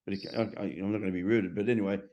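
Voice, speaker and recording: A man's voice: low-pitched, fairly even intonation, very fast, dull audio. A middle-aged man in a casual interview. He is a transformation coach who talks bluntly and swears freely.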